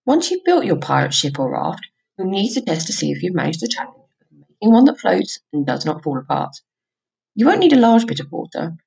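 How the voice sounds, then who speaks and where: A woman presenting a children's lesson, giving instructions in an encouraging way, with a husky, gravelly voice. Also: lowish voice, very animated, brisk, darkish tone, poor audio. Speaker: outdoor learning presenter.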